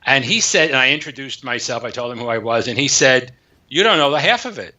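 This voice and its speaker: A man, an author guest in an interview, telling a story in an animated way and acting out the dialogue. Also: medium pitch, fairly quick. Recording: echoey, dull lo-fi sound.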